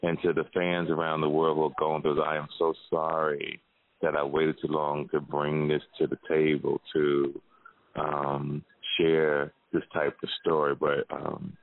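A man's voice: rumbling low, completely flat delivery, a little slow, dry recording. A man hosting a casual radio talk show, frank and blunt, supportive of his guest and swearing freely. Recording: tinny phone-like audio.

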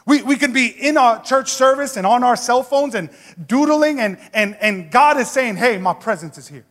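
A man's voice: extremely high pitch, normal speed, a bit bright. A man preaching a sermon in a church, emphatic and conversational, with asides to the congregation. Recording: long hall reverb.

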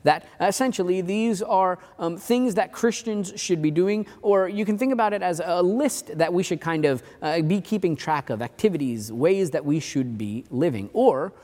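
A man preaching a sermon as pastor, in a relaxed, chatty way full of casual asides. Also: high-pitched, moderate pace, few pauses, long reverb tail. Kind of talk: conversational sermon.

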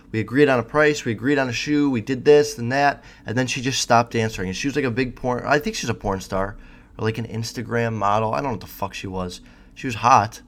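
A young man rants to his audience in a cocky, rambling way, swearing freely and circling back on himself. His voice sits at an ordinary male pitch. He talks casually, like an unscripted vlog. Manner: profane, cocky, rambling with restarts. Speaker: vlogger. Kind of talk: casual monologue to camera.

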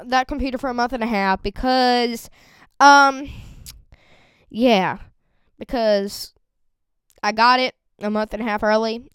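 A teenage girl chatting casually on a podcast, rambling and excitable, with a voice that cracks. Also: high-pitched, clear, resonant tone, dry recording. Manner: rambling and excitable, lots of fillers. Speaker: vlogger.

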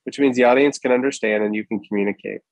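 A man's voice: mid-range voice, fast talker, no echo. A man in a casual conversation, arguing animatedly with rhetorical questions and acting out quoted people.

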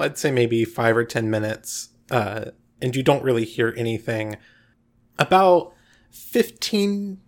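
A man narrating as game master of a tabletop game, relaxed and filling pauses with uh and um. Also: mid-range voice. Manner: relaxed, frequent uh and um fillers.

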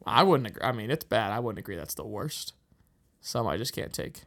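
A young man from Pittsburgh chats casually as a co-host, a faint local accent under his words. His voice carries a gravelly edge and he laughs easily while telling stories. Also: lowish voice, animated, fairly quick, fairly bright tone. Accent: slight Pittsburgh. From Pittsburgh, USA. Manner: chatty storyteller, laughs often. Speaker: podcast co-host. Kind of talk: casual chat.

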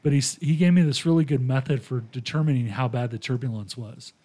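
A man on a casual podcast, telling a long story in a mid-pitched voice. He acts out the lines of the people in it and keeps the retelling lively. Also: quick pace. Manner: animated retelling with quoted voices. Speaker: podcast host.

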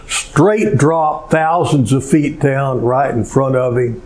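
A male pastor preaching a sermon, telling stories in an unhurried way with many pauses. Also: mid-range voice, a little mellow.

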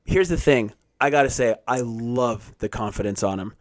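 A man's voice: medium pitch, moderate pace, dry recording. Laughing man, dry close-miked podcast voice. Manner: easygoing, laughing, agreeable. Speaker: podcast co-host. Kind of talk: casual podcast chat.

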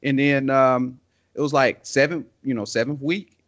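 On this podcast, a male co-host keeps the conversation casual, rambling loosely and packing his speech with fillers and slang. His voice sits at a medium pitch, steady and fairly bright, moving at a normal speed. The audio is dull and lo-fi.

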